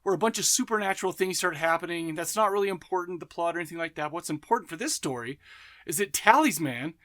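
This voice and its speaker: A man's voice: high voice, expressive, fast talker, fairly bright tone. A man hosting a horror movie podcast, talking casually and enthusiastically, rambling and correcting himself often. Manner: enthusiastic, rambling, self-interrupting; laughs and acts out voices in anecdotes. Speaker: podcast host. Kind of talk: casual monologue.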